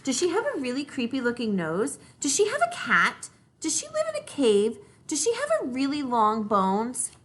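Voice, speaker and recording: A woman voicing an excitable, chatty little girl who asks eager questions in rapid succession. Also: sits high, pitched above the performer's own voice. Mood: eager curious.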